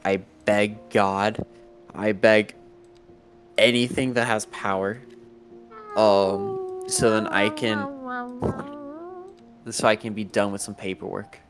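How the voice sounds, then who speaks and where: A man's voice: lowish voice, fairly even intonation, takes it slowly, long pauses, over music. A man on a stream's voice chat, joking wearily about work and sleep. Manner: tired, self-deprecating joking. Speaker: stream guest. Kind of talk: casual chat.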